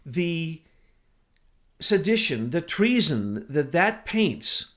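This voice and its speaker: A man giving impassioned political commentary as co-host, with loud, emphatic bursts that rise and fall. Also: on the high side, very animated, extremely slow.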